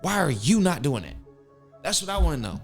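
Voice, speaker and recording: A man's voice: a little high, sing-song, a little fast, soft background music. A young man from West Virginia hosting a solo motivational podcast, talking emphatically with rhetorical questions. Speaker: podcast host.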